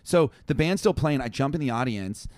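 Animated man telling a rambling story. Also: medium pitch, brisk, no echo. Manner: animated, rambling, heavy use of "like". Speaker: touring musician, guest. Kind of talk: casual storytelling on a podcast.

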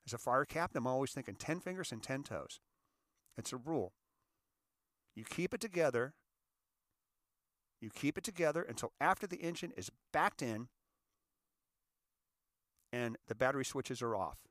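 A man's voice: medium pitch, animated, a little fast, long pauses, no room sound, studio quality. Emphatic middle-aged American man. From United States. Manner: emphatic, repeats key phrases, addresses the audience as ladies and gentlemen. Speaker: volunteer fire captain. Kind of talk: impassioned monologue.

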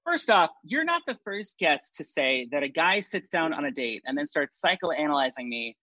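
A man's voice: on the high side, sing-song, normal speed, sharp tone, dry recording. A man hosting a casual podcast, with blunt, opinionated delivery and some swearing. The sound is muffled and lo-fi. The room is dead dry. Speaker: podcast host. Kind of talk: casual chat.

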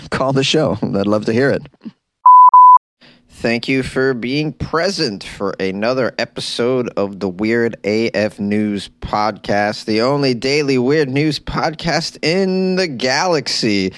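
A man's voice: mid-range voice, a little slow, dry recording. A man hosting a comedy podcast, riffing in a jokey, rambling, self-mocking monologue on a close mic.

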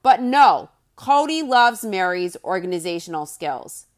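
A woman's voice: medium pitch, big pitch swings, a little slow. A woman with a mid-range voice hosts a recap podcast. She talks in a blunt, sarcastic way and throws in mocking, exaggerated quotes. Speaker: podcast host. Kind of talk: recap commentary monologue.

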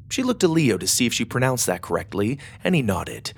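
A man narrating a children's space adventure audiobook in an expressive, animated way. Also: medium pitch, fairly quick, few pauses, slightly rough. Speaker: storyteller.

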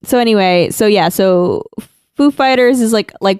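A woman's voice: mid-range voice, moderate pace, a little mellow, smooth, no room sound, studio quality. A woman co-hosting a casual chat about an anime, talking with many fillers and restarts and laughing often. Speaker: podcast co-host.

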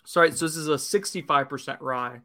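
Dude on a bourbon podcast, kinda high voice, rambles with "like" a lot. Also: male voice, brisk, bright, forceful tone. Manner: rambling, many "like" fillers. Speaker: podcast co-host. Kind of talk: casual chat, whiskey tasting.

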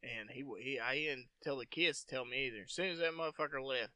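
Bright-voiced, profane male storyteller. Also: mid-range voice, fast, no echo. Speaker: podcast host. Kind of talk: casual storytelling chat.

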